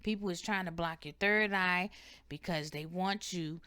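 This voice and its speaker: Woman tarot reader, low and bright, emphatic and preachy. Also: normal speed, no echo. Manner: emphatic, preachy, repeats "okay?" often. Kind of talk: casual spiritual advice monologue.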